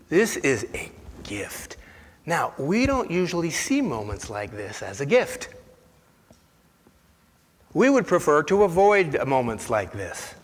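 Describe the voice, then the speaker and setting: A man's voice: mid-range voice, fairly bright tone, breathy edge. Man preaching in a reverberant church. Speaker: pastor. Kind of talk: sermon. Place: church sanctuary.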